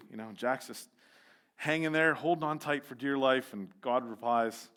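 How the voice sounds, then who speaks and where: A man's voice: mid-range voice, moderate pace, a bit bright. A man preaching a sermon as youth leader in a church, casual and joking, with lots of ums and restarts.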